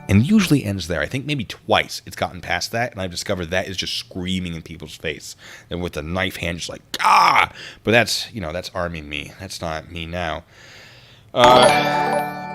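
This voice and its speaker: A man with a fairly low voice talks casually to his livestream audience. He rambles, catches himself mid-sentence and drifts off to read comments aloud, then picks the thread back up. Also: fairly bright tone. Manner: rambling, easily distracted, reads chat aloud.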